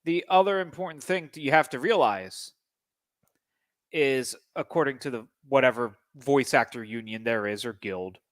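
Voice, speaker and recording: A man's voice: mid-range voice, normal speed, a bit bright. A man co-hosting a podcast, explaining his points in casual, opinionated chat.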